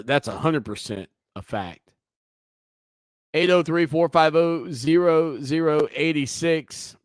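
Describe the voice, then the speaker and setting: A man's voice: mid-range voice, a bit bright, no room sound, clean studio sound. A man hosting a sports talk radio show, talking through the news in a conversational, opinionated way with teasing asides.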